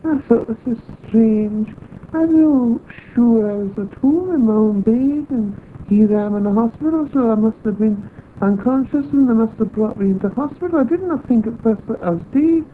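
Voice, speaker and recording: A woman's voice: fairly high pitch, a little hiss or hum. Woman recounting a story on a tinny tape. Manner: unhurried storytelling, acts out remembered dialogue. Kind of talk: recounting a personal experience. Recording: tinny phone-like old tape.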